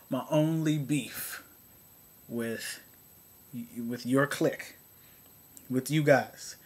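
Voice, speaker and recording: A man with a mid-range voice rants casually to camera, rambling and sarcastic. He starts sentences over and over, drops to low mutters, then jumps to high, exasperated outbursts. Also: takes it slowly, pauses often, bright, forceful tone, slightly rough. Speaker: vlogger. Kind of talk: casual opinion rant to camera.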